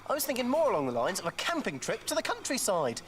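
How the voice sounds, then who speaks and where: A man's voice: sits high, huge pitch swings, fast talker, noisy background. An actor playing an earnest, well-meaning young man, talking eagerly.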